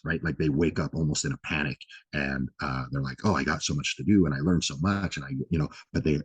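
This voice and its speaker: This health vlog host has an extremely low, husky voice, captured with no echo. His advice comes out casual and loose, heavy on fillers, with a habit of tossing in "right?" and the occasional offhand curse.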